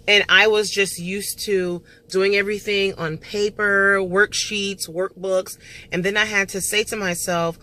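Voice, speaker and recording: A woman's voice: medium pitch, steady tone, a little slow, pushed and bright. A woman in her thirties giving an earnest, encouraging casual talk to fellow homeschooling parents, with frequent um fillers.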